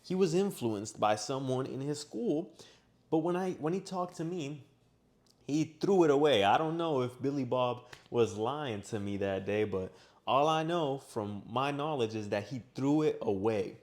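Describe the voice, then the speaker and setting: A young man telling a personal story in a casual, animated way, sometimes raising his voice to act out his own shouting. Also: medium pitch, measured pace. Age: young adult. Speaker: vlogger. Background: washing machine running.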